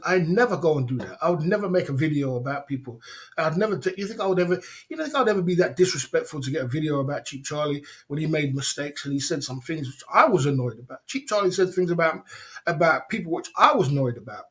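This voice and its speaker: A man's voice: fairly high pitch, fast talker, fairly bright tone. A man hosting a livestream, ranting indignantly in slangy, repetitive casual talk with frequent laughs. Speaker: livestream host.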